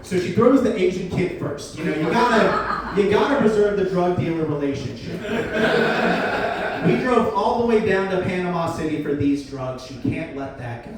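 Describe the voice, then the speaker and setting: On a beer garden stage in front of a live audience, a high-voiced man tells a stand-up story at normal speed, acting out the quotes with animation. He's far from the mic, the space is echoey, and laughter rises from the crowd.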